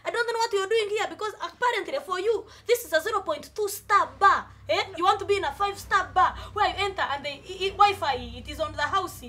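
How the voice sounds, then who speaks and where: Sarcastic Ugandan woman, very high bright voice. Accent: Ugandan English. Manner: indignant, sarcastic, mocking, fast rant. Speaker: bar owner in a comedy sketch. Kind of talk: comedy sketch rant.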